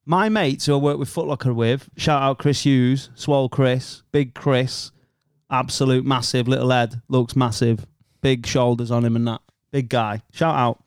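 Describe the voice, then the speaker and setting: A man's voice: medium pitch, steady tone, normal speed, clear, resonant tone, dry recording, studio quality. A young man from Northwest England co-hosting a casual podcast, telling rambling stories and laughing often. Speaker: podcast co-host. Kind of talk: casual chat.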